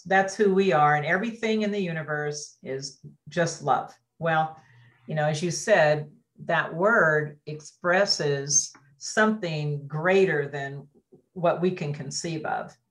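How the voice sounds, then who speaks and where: A woman co-hosts a relaxed talk show. She speaks slowly and thoughtfully in a lowish voice and gives short agreeing replies between longer reflections. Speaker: co-host. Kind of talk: casual chat.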